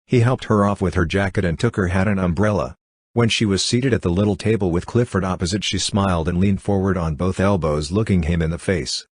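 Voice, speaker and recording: Deep husky male audiobook narrator. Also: fairly quick, no room sound. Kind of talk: scripted narration.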